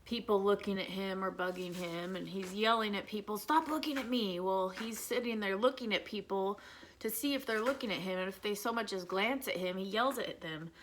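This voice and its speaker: A woman's voice: mid-range voice, a little fast, slight background noise, poor audio. A woman, chatting candidly as she does her makeup at home and venting about her son. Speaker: vlogger, mother of an autistic son. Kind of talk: casual makeup vlog chat.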